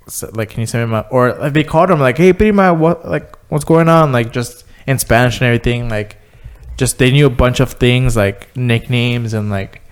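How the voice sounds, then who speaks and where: Man, smooth clear voice, casual chat, lots of "like". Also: mid-range voice, fairly even intonation, fairly quick, few pauses. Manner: filler-heavy, says "like" constantly.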